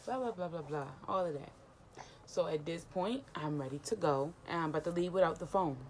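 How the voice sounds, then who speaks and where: A young woman vlogger casually retelling a personal story, animated and emotional, acting out the dialogue. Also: lowish voice, fairly quick, slight background noise.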